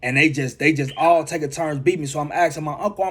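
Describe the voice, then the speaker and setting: A man's voice: a little high, quick pace, a bit bright, breathy edge. A man, a motivational speaker, telling a personal testimony and repeating phrases for emphasis.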